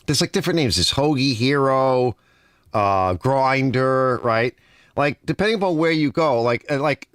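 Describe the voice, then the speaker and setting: Middle-aged New York guy, heavy accent, animated storyteller, dry close sound. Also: medium pitch, no echo. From Long Island, New York. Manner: storytelling, animated, fillers like "right?" and "you know?". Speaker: livestream host. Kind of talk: casual livestream chat reading comments. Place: home garage.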